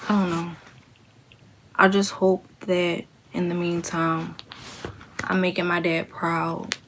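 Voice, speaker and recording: A young woman vlogging candidly to camera, speaking in a halting, emotional way as she holds back tears while grieving. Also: lowish voice, flat delivery, a little hiss or hum. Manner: emotional, halting, plain-spoken.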